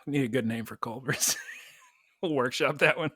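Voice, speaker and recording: A man's voice: medium pitch, normal speed, a bit bright, breathy edge, dry recording, clean studio sound. A young man co-hosting a podcast, chatting casually and rambling through stories with frequent laughs. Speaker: podcast co-host. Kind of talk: casual chat.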